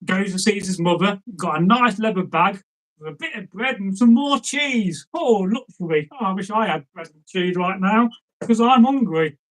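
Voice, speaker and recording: A man tells an old folk tale in a loose, conversational way. He wanders off into asides and then picks the thread back up, and his voice sits fairly high for a man. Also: moderate pace, fairly bright tone, low-quality recording. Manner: chatty, digressive, with asides to the listener. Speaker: storyteller. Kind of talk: casual folk-tale storytelling.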